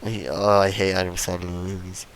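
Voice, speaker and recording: A man's voice: low voice, flat delivery, normal speed, a little hiss or hum, poor audio. A man co-hosting a podcast, chatting playfully and teasing, with lots of fillers. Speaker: podcast co-host. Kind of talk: casual chat.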